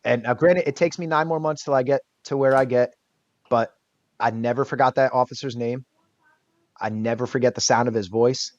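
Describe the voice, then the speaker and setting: A man guest on an interview podcast, telling a personal story in a casual, lively way and acting out what others said. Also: mid-range voice, moderate pace, no echo. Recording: dull lo-fi dry sound.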